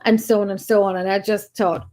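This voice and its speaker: A woman's voice: mid-range voice, little pitch movement, a little fast, darkish tone. A woman co-hosting a casual online chat, telling stories in a rambling, exclamatory way over a video call. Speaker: co-host. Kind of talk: casual chat on a live stream.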